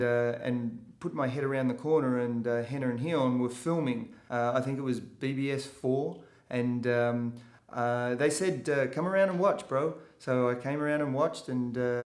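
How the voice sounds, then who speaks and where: A man, giving a casual testimonial interview, with frequent hesitations and restarts. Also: mid-range voice. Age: 40s. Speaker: jiu-jitsu student giving a testimonial. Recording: echoey room.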